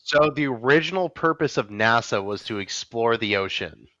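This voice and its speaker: A podcast co-host with a lively, up-and-down delivery, talking casually and throwing himself into every story he retells. His voice sits in a middle register and sounds slightly dull and lo-fi, close and dry with no room around it. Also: medium pitch, moderate pace, no echo. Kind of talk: casual chat.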